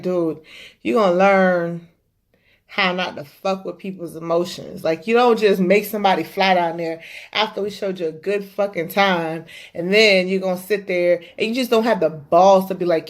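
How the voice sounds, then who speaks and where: A woman hosting a podcast, telling a story in a casual, animated and profane way. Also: medium pitch. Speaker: podcast host.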